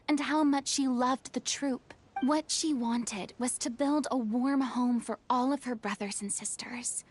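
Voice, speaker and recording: A proud, theatrical young woman scolds and lectures in a stern, commanding way. Her voice sits high and bright in a game cutscene. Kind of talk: video game voice acting.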